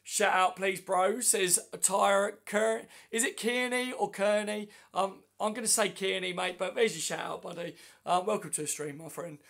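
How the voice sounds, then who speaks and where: Sounding hoarse and worn down by flu, a man hosts a relaxed fan livestream from his phone, answering comments one after another in a friendly way. His voice is high and a bit bright, with a steady tone at normal speed.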